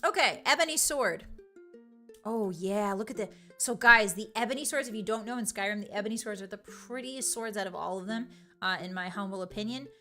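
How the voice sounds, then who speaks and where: Bright, playful young woman streamer. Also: medium pitch, brisk, faint music behind. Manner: playful, giggly and teasing. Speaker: virtual streamer. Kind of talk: casual live-stream chat, reading out chat.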